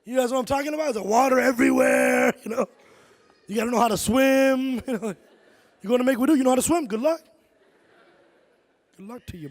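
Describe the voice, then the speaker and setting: A middle-aged man doing a stand-up comedy set in a large concert hall, animated and shouting his punchlines. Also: sits high.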